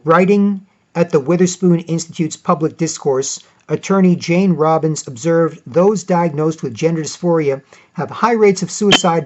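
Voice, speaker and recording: A man vlogging opinionated commentary, reading out articles with sarcastic asides, rambling, and restarting often. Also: on the high side. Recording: dull lo-fi audio.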